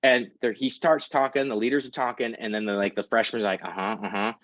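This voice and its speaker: Animated middle-aged man telling a story. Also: medium pitch, fast talker, no echo. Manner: animated storyteller acting out quotes. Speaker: guest presenter. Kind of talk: storytelling talk. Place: online meeting talk. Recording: dry, slightly dull audio.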